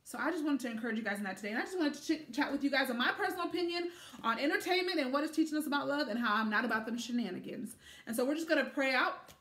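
A woman's voice: high voice, racing, fairly bright tone. A woman giving a casual faith talk to camera, emphatic and fond of repeating herself for stress. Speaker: faith vlogger. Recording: echoey room.

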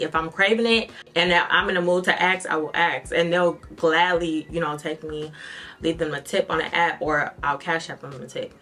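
A young woman vlogger chatting candidly to her viewers while doing her makeup, telling stories in an expressive way. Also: lowish voice. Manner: candid, expressive storytelling, addresses viewers as y'all. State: tearful at times. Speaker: beauty vlogger. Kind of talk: casual get-ready-with-me chat.

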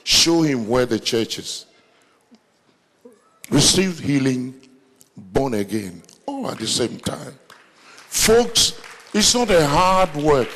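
A man with an African accent preaching a sermon as pastor, telling stories with animation and breaking into shouts. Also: medium pitch, big pitch swings, slow pace, long pauses, big-room sound. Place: large church hall, live meeting.

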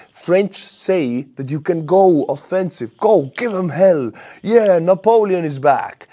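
A man from Estonia with an Estonian accent, delivering emphatic, opinionated war news commentary on his channel. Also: medium pitch. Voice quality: emphatic, animated, with sudden loud outbursts.

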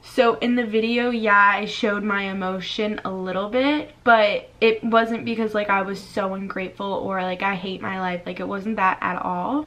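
A woman of twenty-one from Florida, chatting casually in a vlog, full of "like" and quick laughs as she reads comments aloud. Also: mid-range voice, fairly even intonation, a bit bright. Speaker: YouTuber.

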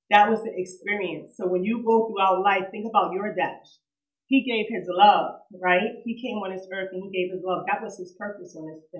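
Woman speaking at a funeral, nervous but chatty, roomy echo all around. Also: lowish voice. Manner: nervous, conversational, laughs between memories. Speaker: cousin giving a eulogy. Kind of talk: funeral eulogy. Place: funeral service hall.

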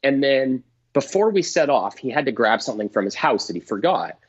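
Husky man telling a casual story. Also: mid-range voice, a little fast. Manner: animated, swearing, acts out voices in quotes. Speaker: guest comedian. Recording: dull lo-fi dry sound.

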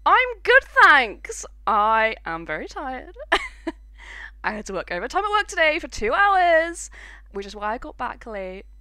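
A young British woman commentating her game stream, giggly and sweary. Her voice is high and bright, swinging widely in pitch at an unhurried pace. It's close and dry, like a desk mic. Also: wildly swooping pitch, no room sound. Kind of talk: casual gaming commentary.

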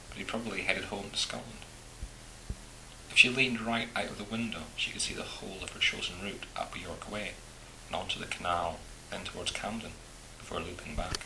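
A man calmly reading a short story aloud in a measured narrating voice. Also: low-pitched, gravelly, reverberant, a little hiss or hum, poor audio.

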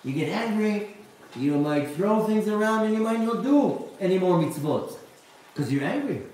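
A male rabbi lecturing live with a high, lively voice that swings up and down as he acts out the people he quotes. He keeps asking his listeners questions. The recording is very echoey and distant, with faint noise behind him. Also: moderate pace. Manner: asks the audience rhetorical questions.

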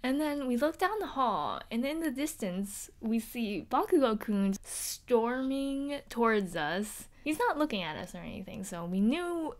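A woman's voice: a little high, lively intonation, unhurried, hardly any pauses. A woman playing a bubbly teenage girl at a hero school, telling a dorm story in a chatty, giggly way with many fillers. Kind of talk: in-character storytelling vlog.

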